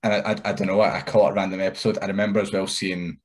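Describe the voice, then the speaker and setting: A man's voice: deep voice, flat delivery, rapid-fire. A man in his thirties, a wrestler guest, easygoing and rambling. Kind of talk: casual interview chat.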